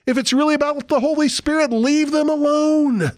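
A male pastor delivering a sermon with animated, humorous storytelling and impressions. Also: very high-pitched, moderate pace, hardly any pauses, dry recording, studio quality.

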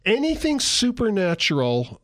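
A man's voice: high voice, huge pitch swings, measured pace, fairly bright tone, no room sound, clean studio sound. A man from San Diego co-hosting a Christian talk show, teaching about the Bible in a folksy, joking way and sometimes acting out voices. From San Diego, California. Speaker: Christian radio co-host. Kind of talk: casual Bible teaching chat.

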